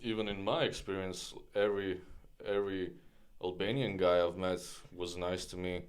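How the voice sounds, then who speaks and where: A man's voice: deep voice, fairly even intonation, moderate pace, clear, resonant tone. A man from Croatia, a guest on a casual podcast, speaking hesitantly with many fillers and easy laughs. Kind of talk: casual chat.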